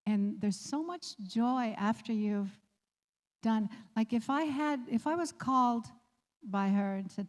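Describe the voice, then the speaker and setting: A woman sharing a heartfelt personal story as a guest, laughing often and growing animated as she recalls. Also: on the high side, measured pace, long reverb tail. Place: community office room.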